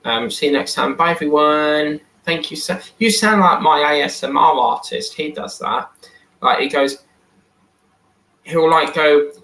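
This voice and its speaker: A man's voice: a little high, measured pace, creaky, sharp tone. A man hosting a live stream in casual chat, reading and answering viewer comments aloud. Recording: echoey room.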